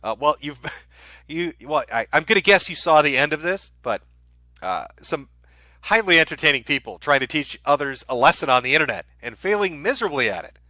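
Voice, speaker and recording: Dry sarcastic guy on a stream reading donations, bright voice, pretty high, dead dry mic. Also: big pitch swings, brisk, no room sound. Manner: dry, sardonic delivery with chuckles. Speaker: livestream host reading donation messages. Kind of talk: casual livestream chat.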